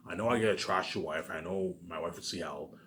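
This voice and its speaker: A man's voice: sits low, brisk, background noise. A man from Canada talking alone to camera in a rambling, repetitive monologue, swearing often and stressing his points. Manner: repetitive, profane, emphatic, keeps saying "obviously". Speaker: vlogger.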